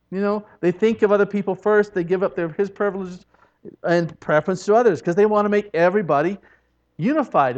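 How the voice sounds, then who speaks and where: A man with a rather high voice teaches a church congregation. He slips into soft, hushed tones whenever he acts out what people say. The recording is dull and lo-fi. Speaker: preacher.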